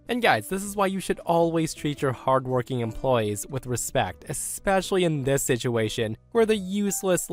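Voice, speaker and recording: A man narrating a reader-submitted workplace story in the first person, as scripted narration. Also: medium pitch. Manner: lively first-person retelling.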